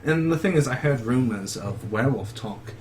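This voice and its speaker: Man doing a pompous monster hunter, wheedling, rambling, mid pitch, faint background noise. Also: animated, moderate pace, a little mellow, close to an everyday voice. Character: smooth-talking male monster hunter and bard, boastful.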